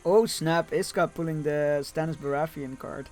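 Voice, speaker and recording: Guy streaming a strategy game, reads the cards out loud, jokes around and swears, slightly high voice, faint music behind. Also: fairly even intonation, normal speed. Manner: chatty and joking, swearing, reading chat aloud. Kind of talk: live game stream, reading card text aloud.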